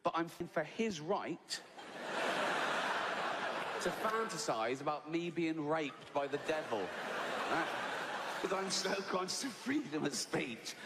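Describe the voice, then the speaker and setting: Stand-up comic on a reverberant stage. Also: male voice, on the high side, big pitch swings, slow pace, long pauses. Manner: conversational, asks "right?" constantly. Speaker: stand-up comedian. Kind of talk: stand-up comedy. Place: theatre stage. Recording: live theatre reverb, audience noise.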